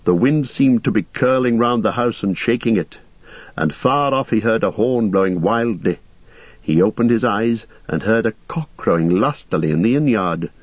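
A man reading an audiobook in a steady, measured storytelling voice, on a dull lo-fi recording. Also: on the low side, dry recording. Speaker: audiobook narrator. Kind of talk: scripted narration.

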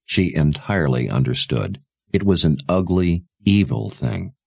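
A man narrating a novel aloud in a measured, expressive storytelling manner. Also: deep voice, gravelly, breathy edge, no room sound. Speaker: audiobook narrator. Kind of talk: scripted narration.

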